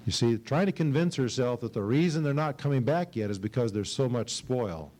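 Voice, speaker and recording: A man's voice: mid-range voice, expressive, a little fast, few pauses, a little mellow, rough recording. A middle-aged male pastor preaching an expository sermon at a church service, reading scripture dramatically and asking his class questions.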